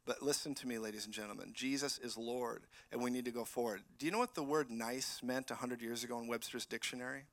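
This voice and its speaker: A man preaching as a guest speaker in a church, animated and swinging between loud declarations and quiet prophetic words. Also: mid-range voice, quick pace, hardly any pauses. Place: church sanctuary.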